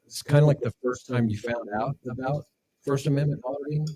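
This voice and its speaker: A man's voice: mid-range voice, fairly even intonation, brisk, dark tone, slight background noise, poor audio. A man hosting a podcast, asking loose, rambling questions full of fillers. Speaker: podcast host.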